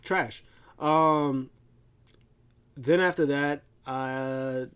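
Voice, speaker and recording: A man's voice: medium pitch, fairly even intonation, very slow, a bit bright, clean tone. Rambling man recapping wrestling casually. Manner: rambling, filler-heavy storytelling. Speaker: wrestling show recap host.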